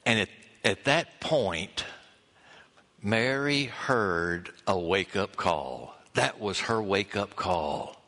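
A man delivers a sermon in an unhurried, deliberate way, letting his words land one by one. His tone is bright and forceful, and he acts out the lines he quotes with lively expression. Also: fairly low pitch. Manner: expressive preaching, acts out quotes, pauses and chuckles. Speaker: pastor.

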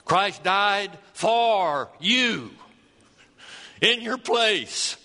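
A man preaching a sermon, folksy and storytelling, drawing out key words slowly. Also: a little high, lively intonation, pushed and bright. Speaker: pastor. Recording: long hall reverb.

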